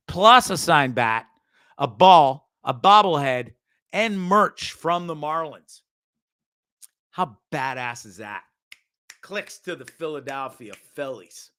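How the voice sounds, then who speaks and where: This is a male show host ranting over a video clip in a bright, sharp voice. His pitch swings widely, and he talks in a profane, sarcastic and animated way.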